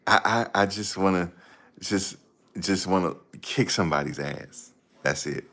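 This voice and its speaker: A man's voice: deep voice, unhurried, a bit bright, full character voice. A man imitating a stuttering, punch-drunk boxer who only wants to fight. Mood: earnest. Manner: heavy stutter.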